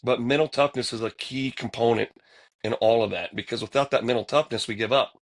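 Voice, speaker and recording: A man's voice: medium pitch, fairly even intonation, a little fast. A man in casual conversation, speaking reflectively and motivationally and checking that his listeners follow. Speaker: podcast co-host.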